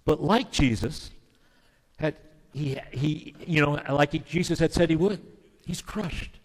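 A man's voice: fairly high pitch, unhurried. Earnest male preacher in a reverberant hall. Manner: earnest and emphatic, with sudden soft drops. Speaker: pastor. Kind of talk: sermon.

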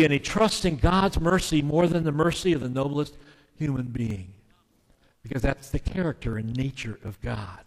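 A male preacher delivers an earnest, emphatic sermon in a fairly high voice, now and then dropping to a hushed tone. His words carry a long reverb, as in a large hall. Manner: earnest and emphatic, with sudden soft drops. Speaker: pastor.

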